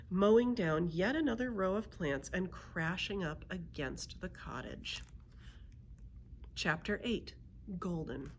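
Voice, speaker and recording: A woman librarian reading a children's book aloud with expressive storytelling narration. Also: lowish voice, a little slow.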